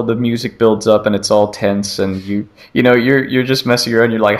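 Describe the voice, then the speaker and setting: In a relaxed gaming chat between friends, a podcast co-host with a lowish voice rambles loosely through a video game demo. He keeps circling back and acts out the characters' lines in an animated retelling. He talks a little fast with hardly any pauses.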